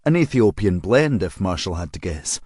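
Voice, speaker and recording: A male narrator reading a crime novel audiobook in measured, dry storytelling. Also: low-pitched, big pitch swings, darkish tone, no echo.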